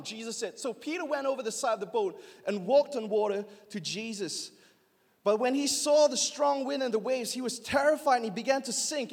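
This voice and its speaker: A man in his thirties preaching a youth sermon, lively and urging the crowd to call back. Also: high-pitched, fairly quick, vocal fry. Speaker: youth pastor. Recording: long hall reverb.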